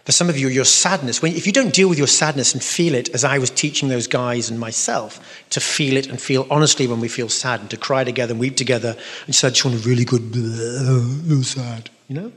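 A man's voice: medium pitch, fast, a bit bright. English male preacher, emphatic and repetitive, playful asides, big reverberant hall. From England. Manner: emphatic, repeating phrases, playful noises. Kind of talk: sermon. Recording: long reverb of a large hall.

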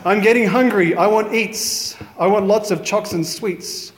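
A man voicing a greedy creature living in a child's belly that shouts bossy demands for food. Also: sits high, measured pace, roomy sound. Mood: demanding. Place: chapel.

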